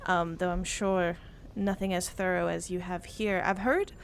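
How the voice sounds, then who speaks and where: A woman's voice: fairly low pitch, steady tone, a little slow, vocal fry, slight background noise. A woman voicing her own character, an earnest, polite young woman adventurer who hesitates and searches for words.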